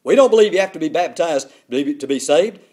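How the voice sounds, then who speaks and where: A man's voice: fairly high pitch, lively intonation, fast talker, darkish tone. A man voicing an indignant male preacher who scolds a caller. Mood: scolding.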